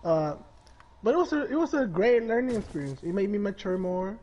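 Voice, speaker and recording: A man's voice: high voice, big pitch swings, a little fast, a little mellow, poor audio. A man telling a story in casual chat on a stream, crude and rambling, laughing as he goes.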